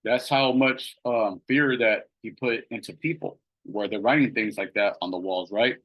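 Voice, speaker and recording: With the highs cut off the audio, a man with a fairly low voice speaks at normal speed while teaching a conversational Bible study. He reads passages aloud, uses many fillers, and keeps asking "right?"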